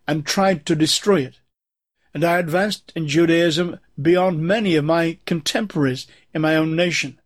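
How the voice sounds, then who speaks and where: A man preaching a sermon, explaining scripture and reading passages aloud in a measured, emphatic way. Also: a little high.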